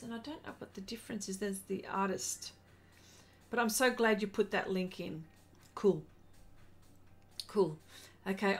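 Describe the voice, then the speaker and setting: Middle-aged woman, livestream art host, chatty and easily excited, voice sits a little high. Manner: chatty, excitable, reads viewer comments aloud. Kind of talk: casual livestream chat while painting.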